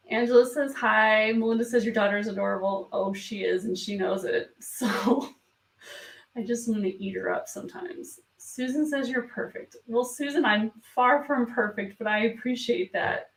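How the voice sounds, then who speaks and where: A woman hosts a live stream, reading comments in a soft, hesitant voice full of ums. She is emotional and near tears, and her voice has a gravelly edge. She sits back from the mic in an echoey room. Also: on the high side, fairly even intonation, moderate pace. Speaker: beauty vlog host. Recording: roomy sound from a distance from the mic.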